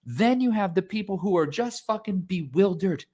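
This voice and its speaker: A young man co-hosting a podcast, recapping a fight in excited casual chat, swearing and acting out the crowd's reactions. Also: high voice, normal speed. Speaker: podcast co-host.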